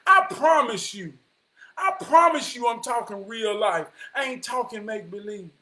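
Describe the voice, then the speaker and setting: A man delivering an impassioned motivational monologue, preaching his point and often rising to a shout. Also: very high voice, animated, moderate pace. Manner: preachy, repeats "I promise you", rises to shouting. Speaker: vlogger giving life advice.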